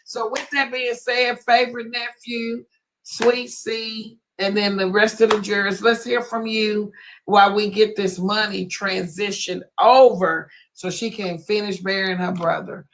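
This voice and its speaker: A woman's voice: medium pitch, little pitch movement, measured pace, noisy background. A woman with a drawl hosts a casual live stream. She speaks from the heart and is close to tears, with her emotions running just under every line. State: on the verge of tears. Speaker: host of a live online mock court.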